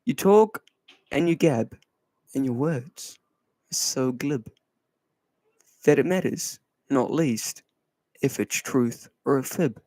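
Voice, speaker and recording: A man's voice: medium pitch, lively intonation, slow, pauses often, dark tone, no echo, low-quality recording. A man live-streaming in a casual chat, reading silly children's rhymes aloud in a playful, singsong way. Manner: playful, giggly, reads verse in a singsong way.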